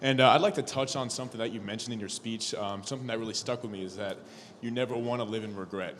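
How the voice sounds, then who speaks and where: A man's voice: on the low side, steady tone, quick pace, fairly bright tone, a little hiss or hum. A young man, a student cadet, asks a speaker a formal, polite question from the audience with some hesitation. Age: young adult. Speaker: audience member asking a question. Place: conference hall audience. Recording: hall reverb with faint ambience.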